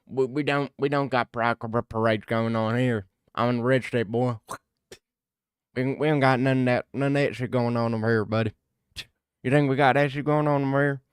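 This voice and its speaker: A man's voice: medium pitch, clear, resonant tone, no echo, natural voice. Brash Southern good ol' boy, drawling and taunting, put on by a man, close and dry on a stream mic. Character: brash rural Southern American man, cocky and loud.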